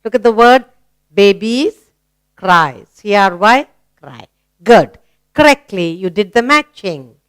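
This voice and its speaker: Indian english lady teacher, clear smooth voice, sing-song praise for little kids. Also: medium pitch, expressive. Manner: slow, encouraging, sing-song questions to young learners. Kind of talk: children's English lesson.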